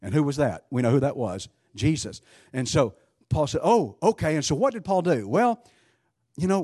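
Animated, husky-voiced male preacher. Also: a little high, normal speed, no echo, studio quality. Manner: emphatic, with rhetorical questions and frequent restarts. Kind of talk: sermon.

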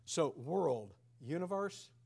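A man's voice: a little high, expressive, slow pace, gravelly, darkish tone, slightly rough. A man leading an interactive Bible study, speaking conversationally, asking the class questions and restarting phrases as he goes.

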